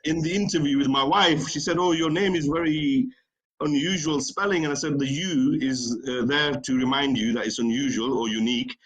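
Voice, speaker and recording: A man's voice: fairly high pitch, brisk, poor audio. A middle-aged man from the United Kingdom, a studio guest telling a rambling story and laughing easily. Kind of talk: casual studio chat.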